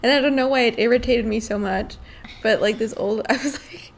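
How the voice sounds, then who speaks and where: A woman's voice: a little high, fairly quick, creaky. A woman co-hosting a casual podcast who laughs often and talks in a chatty way full of fillers. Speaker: podcast co-host. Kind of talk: casual chat.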